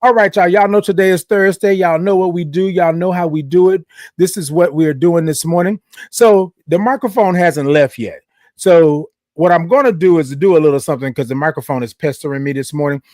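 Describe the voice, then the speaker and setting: A man's voice: fairly high pitch, a little fast, a little mellow, no echo. A man hosting a morning live stream. He chats playfully with viewers, greets them by name, and stretches his greetings into long sing-song calls. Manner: chatty and playful, talks straight to the audience. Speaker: host.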